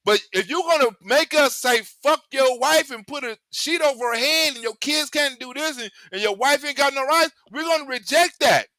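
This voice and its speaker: Man ranting politics, very high sharp voice, dry close sound, rambling and cussing. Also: normal speed, few pauses, dry recording. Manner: animated, rambling, heavy cursing. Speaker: host. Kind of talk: profane political commentary.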